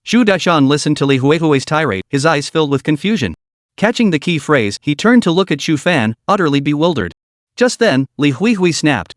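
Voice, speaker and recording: A man narrating a scripted story recap with dramatic, expressive delivery. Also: on the high side, normal speed, no echo, studio quality.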